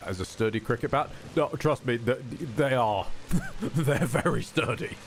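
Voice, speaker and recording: A man's voice: mid-range voice, unhurried, slight background noise. A man streaming a game, rambling and jokey, swearing often as he talks over the gameplay. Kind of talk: casual gameplay commentary.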